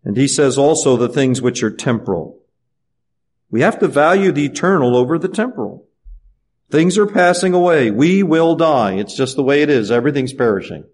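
A man's voice: medium pitch, animated, moderate pace, darkish tone. A middle-aged man preaching a sermon in an earnest way, asking the congregation rhetorical questions. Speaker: pastor.

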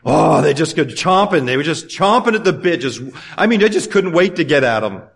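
A middle-aged man preaching a sermon. He moves between loud, fervent exhortation and quiet, conversational storytelling. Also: on the high side, expressive, brisk, creaky, slightly rough.

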